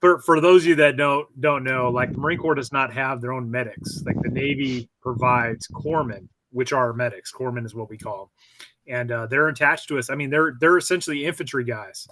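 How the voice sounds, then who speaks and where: A male host with a bright, forceful tone and a mid-range voice, chatting in a relaxed way. He stops now and then to explain things to his audience. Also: medium pitch, moderate pace, low-quality recording. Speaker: podcast host, Marine veteran. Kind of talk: casual interview.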